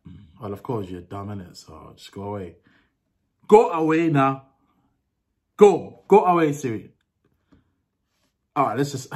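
Chatty young male vlogger. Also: medium pitch. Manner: chatty, laughing, street slang. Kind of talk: casual vlog talk to camera.

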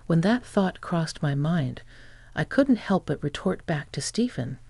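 A narrator reading a first-person family revenge story in an even, scripted way, taking every quoted part without changing voice. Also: mid-range voice, a little slow, no echo.

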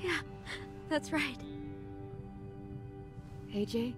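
An actress voicing a protective teenage girl survivor in a video game, speaking softly and steadily. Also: high-pitched, expressive, very slow, soft background music, full character voice. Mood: gentle. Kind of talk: game cutscene acting. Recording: game audio over loud score.

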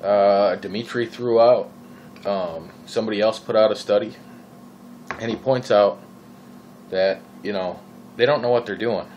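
A Minnesotan-accented man from Minnesota, USA, rambles in a casual vaping rant for his vlog, full of fillers and exasperated questions. His lowish, darkish voice holds a steady tone and measured pace, and he pauses often. The sound is lo-fi with a little hiss or hum.

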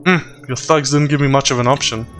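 A man's voice: mid-range voice, steady tone, brisk, fairly bright tone, faint music behind, close to an everyday voice. A man reading the lines of a blunt, sarcastic female detective in close to his own voice. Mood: dry.

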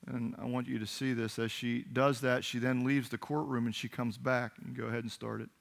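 A man pastor delivering a sermon, telling a story earnestly with halting restarts. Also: medium pitch, flat delivery, gravelly. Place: church sanctuary.

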